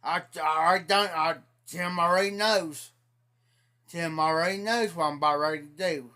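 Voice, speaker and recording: This man's voice runs on the high side, bright and forceful. With an Ohio accent and a slow drawl, he tells a rambling, indignant story on a casual livestream, peppered with repeated "I said."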